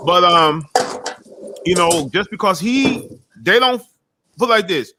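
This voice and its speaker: A man's voice: sits high, animated, takes it slowly, background noise. A man chatting casually as a guest creator, talking emphatically with lots of profanity, repeating himself and restarting his sentences. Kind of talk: casual chat.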